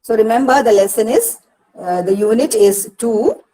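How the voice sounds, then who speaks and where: A woman's voice: a little high, lively intonation, moderate pace, mellow, rough recording. A woman with an Indian English accent, teaching as a university counsellor in an online lecture, patient, repeating words and breaking them into syllables. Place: Kerala, India regional study centre session.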